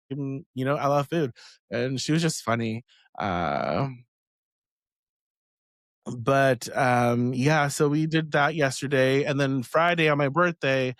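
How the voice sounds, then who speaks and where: A man's voice: mid-range voice, a bit bright, no echo, studio quality. A man hosting a witchcraft live stream in a rambling, casual way, swearing freely and laughing often. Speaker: witchcraft podcast host.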